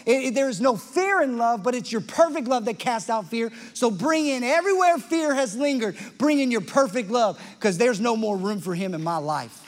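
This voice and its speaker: A man preaching a sermon with passion, swinging from loud emphasis to hushed tones. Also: very high-pitched, animated, normal speed, hardly any pauses. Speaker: pastor. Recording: long church-hall reverb with faint music.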